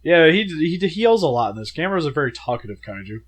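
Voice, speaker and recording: A young man co-hosting a casual movie review, chatty and animated with lots of filler words, feeling sick. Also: on the high side, fast. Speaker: co-host of a movie review show.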